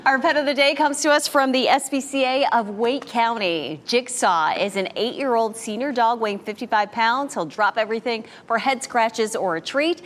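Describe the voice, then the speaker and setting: A woman anchoring a local midday newscast, reading stories in a crisp, even delivery. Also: on the high side, normal speed, hardly any pauses, in a large hall, slight background noise. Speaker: news anchor.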